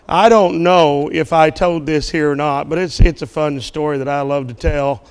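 A man's voice: on the high side, steady tone, moderate pace, hardly any pauses, clean tone. A male preacher at a church service who tells a joke from the pulpit and calls out to the congregation in a folksy, joking way. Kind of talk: sermon with a told joke.

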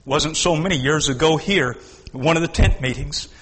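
A male preacher delivering a fervent sermon at a church service, swinging between hushed and shouted lines. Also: on the high side, moderate pace, husky, big-room sound.

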